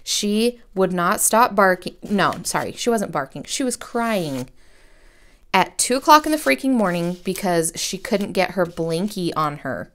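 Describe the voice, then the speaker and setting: Woman, 30s, lowish voice, rambling self-deprecating craft vlogger talking at her desk. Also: big pitch swings, unhurried. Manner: chatty, rambling and self-deprecating, with slangy asides. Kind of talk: casual craft tutorial chat.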